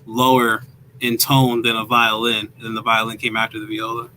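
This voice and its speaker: A man with a New York accent talks in a loose, animated way, leaning on "like" as he goes. His voice has a bright edge. A faint hiss sits under the recording. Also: fairly low pitch, moderate pace, low-quality recording. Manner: animated, laughs often, heavy "like" fillers. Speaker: guest, violinist and music producer. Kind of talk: casual interview chat.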